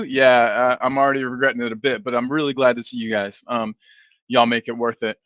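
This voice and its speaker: A man's voice: medium pitch, flat delivery, moderate pace, fairly bright tone, dry recording. A sleepy man hosting a fan live stream, rambling casually and reading viewer comments aloud. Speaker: fan channel host. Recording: dull, dry stream audio.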